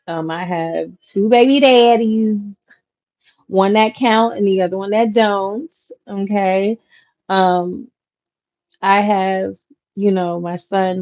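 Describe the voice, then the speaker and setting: A woman in her thirties hosting her own channel, chatting casually with viewers in a relaxed, slangy way with lots of fillers. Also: medium pitch. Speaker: content creator, channel host. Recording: dull lo-fi audio. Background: clacking noise.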